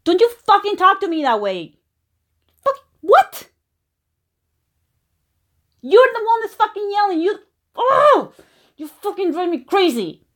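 A young woman acting a jealous, foul-mouthed girlfriend in an audio role-play, swearing constantly and swinging between low mutters and shouting. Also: big pitch swings, a little slow, long pauses, heavily acted. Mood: yelling.

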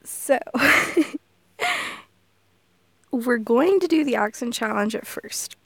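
A woman's voice: on the high side, animated, slow, a bit bright, no room sound. A woman from Texas with a Southern accent, chatting casually and goofily in a solo audio, laughing often and swearing casually. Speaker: audio creator.

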